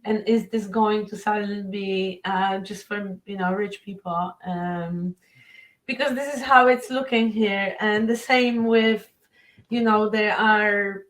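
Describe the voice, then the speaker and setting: A woman's voice: medium pitch, fairly even intonation, slow, poor audio. A woman moderating an online panel over a video call, friendly and a little rambling.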